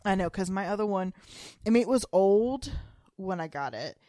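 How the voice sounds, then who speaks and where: Giggly, animated woman podcaster. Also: medium pitch, normal speed, no room sound. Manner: animated, giggly, lots of "like" fillers. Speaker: podcast co-host. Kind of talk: casual chat.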